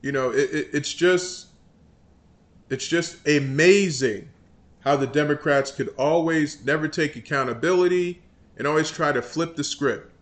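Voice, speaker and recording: A male host rants his political commentary in a scornful, exasperated voice and keeps restarting his sentences. His speaking voice sits slightly high for a man. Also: measured pace.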